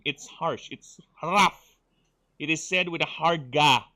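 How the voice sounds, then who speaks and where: A man's voice: on the high side, expressive, a little slow, sharp tone. A man from the Philippines, streaming a game, teasing his viewers and muttering through his choices. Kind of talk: casual game stream chat.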